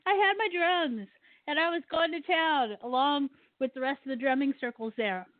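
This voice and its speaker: Ranting animatedly about her pet peeves and laughing often, a talk radio host with a high-sitting voice chats casually with a guest. Everything sounds dry and tinny, as if through a phone line, with no room sound.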